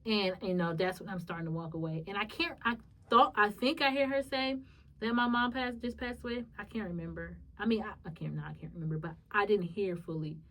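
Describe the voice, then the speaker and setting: A young woman, hosting a podcast and telling a personal story in a lively, animated way. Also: medium pitch, fairly quick, distant mic. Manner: lively, animated retelling with acted-out quotes and laughs. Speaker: podcast host. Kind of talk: casual storytelling monologue.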